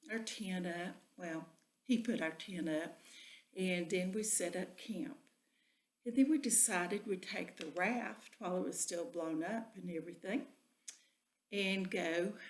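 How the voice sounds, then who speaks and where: Whispery woman telling a folksy story. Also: medium pitch. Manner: drops often into a breathy whisper. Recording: echoey room.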